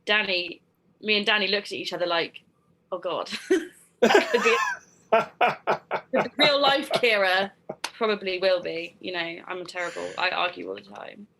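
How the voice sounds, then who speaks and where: Bright-voiced giggly British woman. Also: medium pitch, normal speed, gravelly, slight background noise, rough recording. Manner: chatty, giggly, reads trivia notes. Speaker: co-host. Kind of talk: casual podcast chat.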